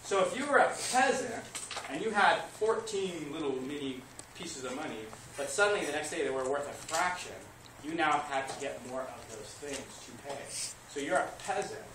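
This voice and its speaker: A man teaching history to a class, lively, asking questions and answering them himself. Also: on the high side, moderate pace. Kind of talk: classroom lecture. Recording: echoey classroom recorded from far off, noisy.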